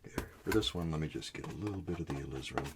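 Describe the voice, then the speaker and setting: Soft-spoken male painting teacher, very low voice, lively pitch, mumbled asides. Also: rapid-fire, very noisy. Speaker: art teacher.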